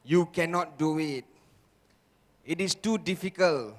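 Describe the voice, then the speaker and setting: Male motivational speaker, high voice, slow and deliberate, keeps firing questions at the crowd, long hall reverb. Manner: repetitive rhetorical questions to the crowd. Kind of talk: seminar talk to a live audience.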